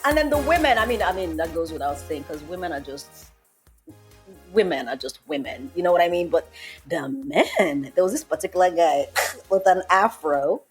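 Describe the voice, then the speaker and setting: A young woman from Nigeria hosting a podcast, chatting casually and telling an animated story, laughing often. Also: lowish voice, normal speed, faint music behind. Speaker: podcast host. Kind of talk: casual chat.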